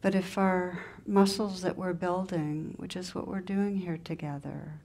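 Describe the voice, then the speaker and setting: A woman meditation teacher giving a spiritual talk and telling a story, gentle and unhurried in short pausing phrases. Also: fairly low pitch, steady tone.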